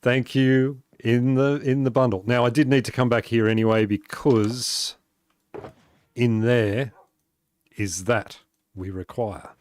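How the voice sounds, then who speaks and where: A man playing a building game on stream chats casually, laughing often and replying aloud to his chat. His mid-range voice is a little mellow, steady in tone, and slow-paced. A little hiss or hum is audible.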